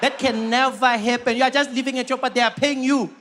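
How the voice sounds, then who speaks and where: A man's voice: very high voice, level tone, fast, fairly bright tone, pitched above the performer's own voice. A man putting on a nosy South African coworker. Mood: scolding. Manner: teasing, prying, repeating a name for emphasis.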